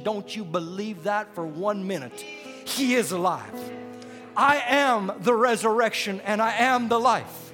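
High-pitched preacher guy shouting a sermon, big hall echo, faint music behind. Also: expressive, unhurried. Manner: shouting, rising to fervent preaching cadence.

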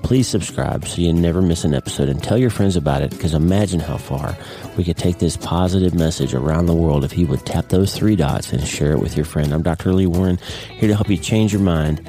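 Deep-voiced earnest male podcast host. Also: a little fast, dark tone, soft background music. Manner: earnest, off-the-cuff with frequent restarts. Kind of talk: casual unscripted podcast monologue.

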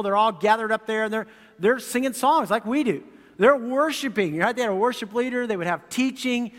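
A man's voice: sits high, fairly bright tone, in a large hall. A man preaching a sermon as pastor, conversational, with frequent asides to the congregation. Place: church sanctuary.

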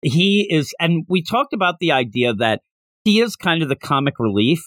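A man's voice: fairly high pitch, moderate pace, no echo, studio quality. A man co-hosting a casual manga podcast, recapping a chapter and acting out the characters' lines as he goes. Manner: animated, acts out characters' lines while recapping. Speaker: podcast co-host.

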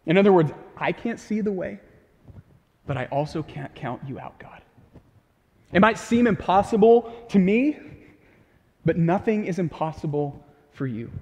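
High-voiced man preaching in a reverberant hall. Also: expressive, a little slow, pauses often, darkish tone, highs cut off. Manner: casual, conversational preaching with quips. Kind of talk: sermon.

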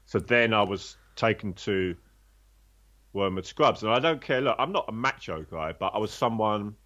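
A man's voice: lowish voice, lively intonation, normal speed, bright, forceful tone, highs cut off. Blunt, rambling man telling stories. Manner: blunt, swears freely, rambling with restarts. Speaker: guest telling his life story. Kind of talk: candid conversational storytelling.

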